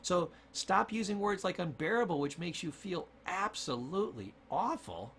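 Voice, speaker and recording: Gravelly-voiced man coaching with emphasis. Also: high voice, sing-song, moderate pace, a bit bright, a little hiss or hum. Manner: emphatic, repeats key points, shifts pace for stress. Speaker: communication coach. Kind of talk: motivational teaching talk.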